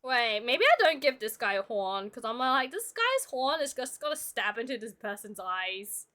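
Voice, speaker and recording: A young woman chats with her viewers while drawing on stream, her fairly high voice very animated, pushed and bright, at a moderate pace. A streamer and illustrator, she's playful and talkative as she addresses chat in this casual livestream.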